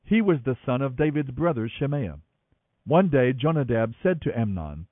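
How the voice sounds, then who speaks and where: Brief: male radio Bible narrator, animated storyteller, thin phone-like dry sound. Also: medium pitch, normal speed, dry recording. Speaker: Bible reader on a radio program. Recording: tinny phone-like radio line.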